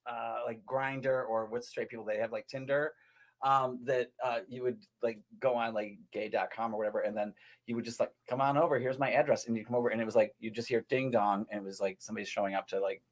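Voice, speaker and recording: A man's voice: medium pitch, fairly even intonation, fast talker. A man chatting casually while doing makeup, telling stories and jokes with many fillers and restarts. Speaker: makeup artist guest. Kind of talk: casual chat.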